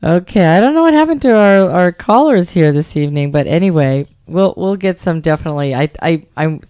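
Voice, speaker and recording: A middle-aged woman co-hosting a radio talk show, chatting about dating in an animated, emphatic way. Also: on the low side, fairly quick, smooth, dry recording, clean studio sound. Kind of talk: casual chat about dating.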